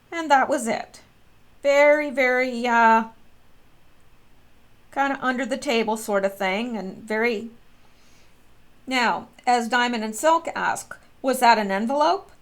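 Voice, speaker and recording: Woman vlogging to her viewers, kinda high-pitched, chatty and earnest, lots of ums. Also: a little slow, pauses often. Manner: chatty, earnest, many fillers and restarts. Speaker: vlogger commenting on politics. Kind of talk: casual spoken commentary to viewers.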